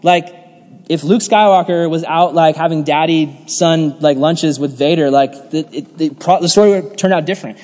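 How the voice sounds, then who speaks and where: A man's voice: on the high side, moderate pace, darkish tone, long reverb tail. A young man giving a casual youth sermon, jokey and chatty, full of "like" and laughs. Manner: chatty, jokey, lots of "like", laughs while telling stories. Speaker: youth pastor.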